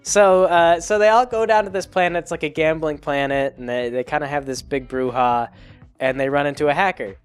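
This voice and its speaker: A man's voice: on the high side, a little fast, clean tone, faint music behind. A young man casually recapping a movie in a rambling way, full of fillers and restarts. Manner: rambling, lots of fillers and self-corrections. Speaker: podcast host.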